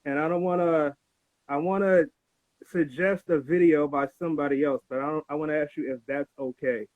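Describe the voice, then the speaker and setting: A man's voice: a little high, steady tone, a little fast, darkish tone, dry recording. A man from the United States calling in to a live stream, talking in a hesitant, rambling way. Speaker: caller. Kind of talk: casual call-in talk. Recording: tinny phone-like line.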